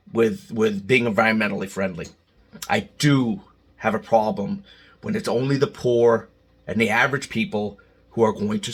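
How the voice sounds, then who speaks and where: A man delivers a heated, emotional monologue to his viewers, stumbling over restarts and jumping into loud outbursts. His voice is bright and forceful, with a husky edge to it. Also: on the low side. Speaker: channel host. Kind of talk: opinion monologue to camera.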